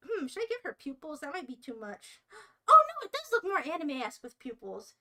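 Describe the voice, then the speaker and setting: Very high, bright, bubbly woman streamer. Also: fairly quick. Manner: bubbly, gushing, excitable, talks to chat. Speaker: live streamer. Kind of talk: casual live-stream chat while cooking.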